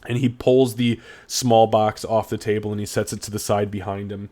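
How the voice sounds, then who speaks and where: A man narrating as game master of a tabletop game, describing scenes quickly with fillers and restarts. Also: lowish voice, fairly even intonation, mellow.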